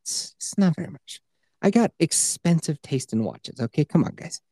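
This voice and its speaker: A man's voice: a little high, animated, moderate pace, mellow, dry recording, clean studio sound. A man hosting a podcast, joking in a boisterous, crude, casual way. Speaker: podcast host. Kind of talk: casual comedic chat.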